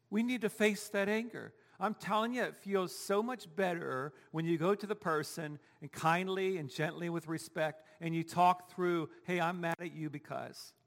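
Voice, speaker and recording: A man with a high-pitched voice preaches a sermon as pastor in a church sanctuary, where a long reverb tail trails his words. He speaks conversationally and asks the congregation rhetorical questions.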